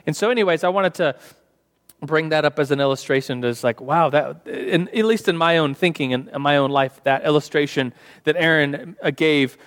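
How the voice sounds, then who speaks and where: A man's voice: on the high side, normal speed. A young man teaching a church Sunday school class in a casual, chatty way, full of fillers and restarts. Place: church hall. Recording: long hall reverb.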